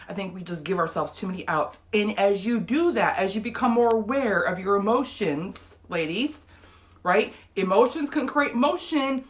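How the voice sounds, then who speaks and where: Woman, 50s, motivational vlog, earnest, emotional, talks right to viewers, mid-pitched voice. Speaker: motivational vlogger. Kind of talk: motivational talk to camera.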